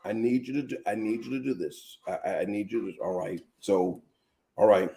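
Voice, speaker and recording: A man hosting a live teaching show as a pastor, telling animated personal stories and speaking straight to his viewers. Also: on the low side, a little fast.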